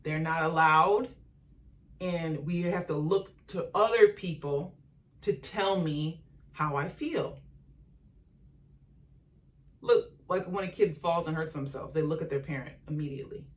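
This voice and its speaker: A woman's voice: low-pitched, unhurried, pauses often, recorded from a distance. A woman hosting a solo motivational podcast, speaking conversationally, asking the listener questions and acting out the voices of others. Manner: animated, acts out quoted voices of family and parents. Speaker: podcast host.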